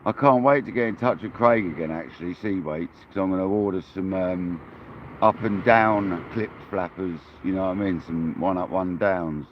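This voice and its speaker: A man's voice: deep voice, moderate pace, dull audio, a little hiss or hum. An English man hosting a fishing livestream from outdoors, chatting casually with viewers and calling them mate and buddy. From England. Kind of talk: casual live-stream chat to viewers. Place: outdoors on a kayak at the coast.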